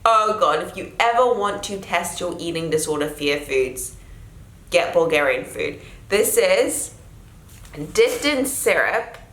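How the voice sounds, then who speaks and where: A woman's voice: fairly low pitch, lively intonation, slow pace, fairly bright tone. A young woman with a South African accent, chatting casually through a food taste-test vlog, exclaiming a lot. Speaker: vlogger. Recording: echoey room.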